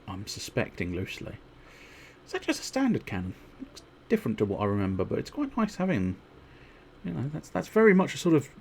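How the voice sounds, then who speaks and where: A man's voice: medium pitch, vocal fry, slightly rough. A man streaming a video game, rambling in casual commentary with wry, chuckling asides.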